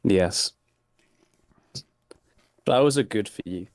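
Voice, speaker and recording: A man co-hosting a casual podcast chat, speaking in a deadpan, dryly sarcastic way. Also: lowish voice, takes it slowly, dry recording. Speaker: podcast co-host.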